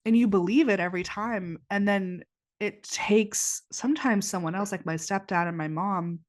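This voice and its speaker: A woman's voice: mid-range voice, normal speed. A twenty-year-old woman hosting a podcast, talking in a rambling, casual confessional way with lots of "like", her nose stuffy after crying. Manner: rambling, heavy use of "like", frequent restarts. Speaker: podcast host. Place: indoors, warm room.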